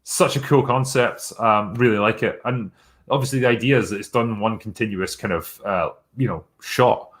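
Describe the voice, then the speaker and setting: A man's voice: lowish voice, moderate pace, a bit bright. Blunt, sweary man. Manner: blunt, swears freely, sarcastic. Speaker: live-stream host. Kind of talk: casual live-stream chat reading viewer messages.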